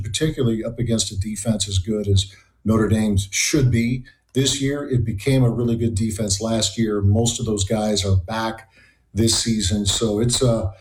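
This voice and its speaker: A man giving measured, analytical commentary on a sports talk show. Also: mid-range voice, a little mellow, roomy sound.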